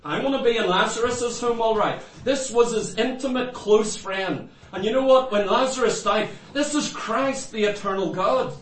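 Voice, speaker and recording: A man preaching with fervor in a very high voice, pressing his congregation with the same questions again and again. He sounds distant from the mic, with the sermon ringing around an echoey church. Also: normal speed, few pauses, fairly bright tone. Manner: fervent, repeats rhetorical questions to the congregation. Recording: echoey room, mic far off.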